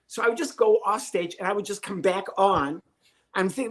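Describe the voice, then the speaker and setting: A man in his sixties, a comedian guest telling a lively story and acting out the voices of the people in it. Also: sits high, fast. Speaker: podcast guest, comedian and ventriloquist. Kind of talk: storytelling interview.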